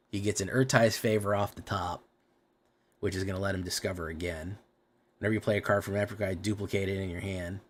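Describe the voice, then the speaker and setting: A man streaming a card game, thinking aloud about his plays and swearing at his bad draws. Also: on the low side. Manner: profane, exasperated running commentary on his own plays. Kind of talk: casual live gameplay commentary.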